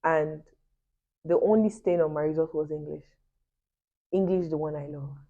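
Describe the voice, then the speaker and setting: A woman's voice: deep voice, steady tone, moderate pace, vocal fry. A young woman, chatting animatedly to her viewers and telling a personal story with laughing asides. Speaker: vlogger. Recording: dull lo-fi recording.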